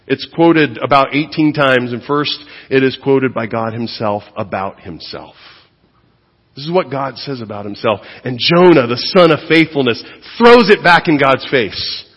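A middle-aged man preaching a sermon as pastor, animated and conversational, swinging from loud emphasis to hushed asides. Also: medium pitch, unhurried, dull audio. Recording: long reverb of a church hall.

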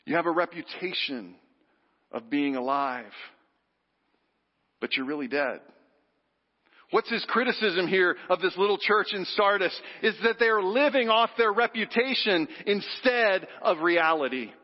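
A man preaching a sermon, animated, leading the congregation in call-and-response. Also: sits high, a little slow. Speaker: pastor. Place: church sanctuary. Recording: dull sound with long hall reverb.

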